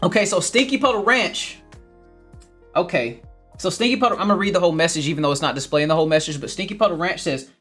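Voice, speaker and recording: A man's voice: high-pitched, fast talker, fairly bright tone, slightly rough, soft background music. Chatty man hosting a garden livestream. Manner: laughs often, repeats phrases, upbeat and chatty. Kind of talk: casual livestream chat reading viewer comments.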